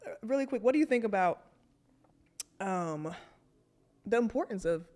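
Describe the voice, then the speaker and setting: Male podcast host, casual and soft-spoken, easygoing interviewer. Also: sits high, animated, normal speed.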